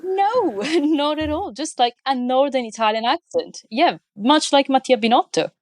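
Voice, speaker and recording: A woman speaking as an interview guest in casual conversation, animated and talkative. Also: high-pitched, normal speed, no room sound. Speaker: guest, motorsport columnist.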